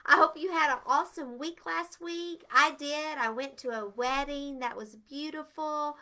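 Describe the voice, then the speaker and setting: A woman's voice: high voice, moderate pace, pushed and bright. An older woman, hosting a live etiquette show for kids and greeting viewers with bubbly enthusiasm. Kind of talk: live-stream lesson for kids.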